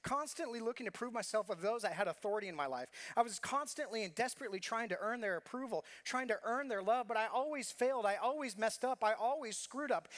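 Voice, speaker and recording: High-voiced earnest male pastor. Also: fairly bright tone. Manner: earnest, confessional storytelling with repeated phrases. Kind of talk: sermon.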